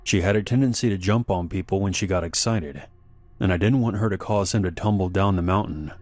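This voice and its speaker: A man narrating a scripted horror story in a measured, unhurried way. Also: deep voice, a little mellow, dry recording. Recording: faint background music.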